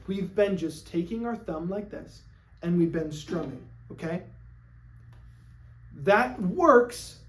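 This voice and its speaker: In a filmed music lesson, a ukulele teacher with a mellow, mid-range voice explains things kindly and patiently. Nearly every instruction ends with a friendly "okay?", and the beat gets counted aloud along with the strumming.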